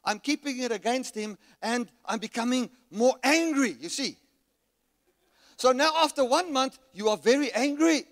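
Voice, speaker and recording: A man preaching a sermon at a church camp, telling a story and rising to shouts as he reenacts his anger. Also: extremely high pitch, animated, moderate pace. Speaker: guest preacher. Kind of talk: sermon with anecdote. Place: resort hall at a church camp. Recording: long reverb of a large hall.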